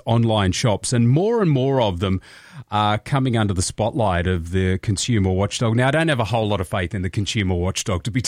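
A man's voice: on the low side, dry recording. A man talks on the radio in a chatty, joking way, often laughing at his own quips. His voice sits in a middle range and sounds dry and close to the microphone. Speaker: radio host. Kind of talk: casual radio chat.

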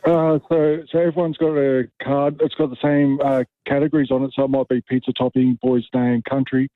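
A man's voice: mid-range voice, flat delivery, brisk, no echo. A man with an Australian accent calling in to a radio show, explaining plainly. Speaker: radio caller. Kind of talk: phone-in call. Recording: tinny phone line.

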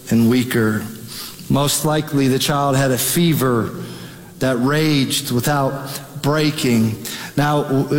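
A man preaching a sermon as pastor, dramatic, acting out the people in the story as he goes. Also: mid-range voice. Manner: dramatic, acts out the father's pleading in quoted voice. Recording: long hall reverb.

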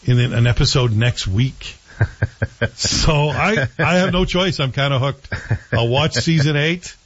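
A man's voice: medium pitch, measured pace, breathy edge. A man hosting a casual chat show, rambling through his opinions on a TV series and often correcting himself. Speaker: host reviewing TV series. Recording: dull lo-fi sound.

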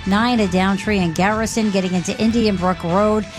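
A woman giving a radio traffic report in a brisk, matter-of-fact way. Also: medium pitch, steady tone, music in the background.

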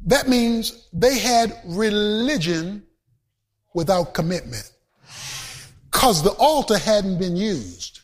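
A man preaching a sermon, emphatic and often shouting, rising into a sing-song chant, with colloquial joking asides to the congregation. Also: sits high, very animated, slow, pauses often.

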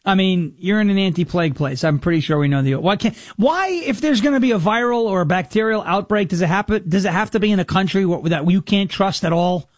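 Man, sarcastic news riffer, high voice, dry close sound, jokey asides. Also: fairly quick, hardly any pauses, no room sound. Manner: stumbles over words, restarts. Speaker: commentator reading news. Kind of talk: casual news commentary.

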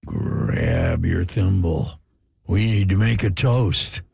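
A man voicing Mother Nature as a cantankerous old male spirit who drinks hard. The voice is rough and gravelly and sits very low. The lines come slowly, in a smoke-soaked, gruff drawl, with wide swoops in pitch. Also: wildly swooping pitch, darkish tone, a little hiss or hum, heavily acted. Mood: toasting. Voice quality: gritty, growly, smoke-soaked voice. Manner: slow, gruff toasting. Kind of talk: podcast character acting.

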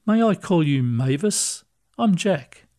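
A man voicing a kindly older male ghost who explains things patiently and gently. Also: fairly high pitch, animated, slow pace. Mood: reassuring.

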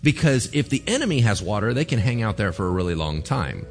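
A man's voice: lowish voice, big pitch swings, fast talker. A man preaching a sermon in a casual, conversational way, with slang and playful asides. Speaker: pastor.

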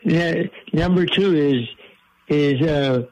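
A man calling in to a radio show, chatting casually in a rambling, halting way. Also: fairly high pitch, poor audio. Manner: rambling, halting, with fillers and restarts. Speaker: regular caller. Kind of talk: casual call-in radio chat.

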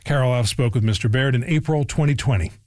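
A man's voice: mid-range voice, fast talker, a little mellow, no room sound, studio quality. A man reading a scripted radio introduction with wry storytelling. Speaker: radio host. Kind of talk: scripted narration.

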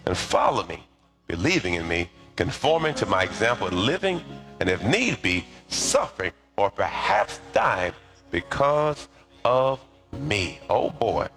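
A middle-aged pastor with a lowish, unhurried voice preaches over soft background music, telling stories with animation and calling on the congregation to respond.

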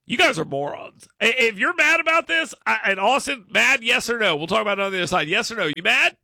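A man's voice: sits high, gravelly, pushed and bright, dry recording, studio quality. A man, hosting talk radio in a ranting, exasperated monologue full of stammered restarts.

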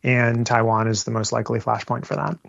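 Measured man on a dull dry line. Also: medium pitch, little pitch movement, vocal fry, a bit bright, no echo. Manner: measured, with frequent repeated words. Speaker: guest analyst. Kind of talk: radio interview answers.

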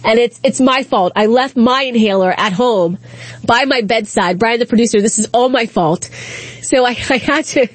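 A woman's voice: on the high side, normal speed, dry recording. A woman radio talk show host, out of breath, chatting with sarcastic asides from the studio.

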